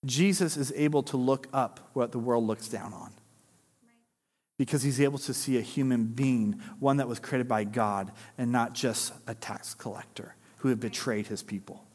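A man preaching a sermon in a lively, conversational way, joking with the congregation and acting out quotes. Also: mid-range voice, normal speed, husky, in a large hall. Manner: animated, conversational preaching with jokes and acted-out quotes. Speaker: pastor.

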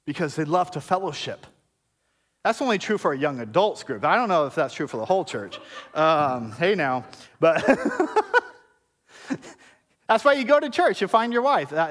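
A slightly high, somewhat bright male voice belongs to a pastor addressing his congregation during a church service. His sermon feels conversational, full of jokes and playful asides.

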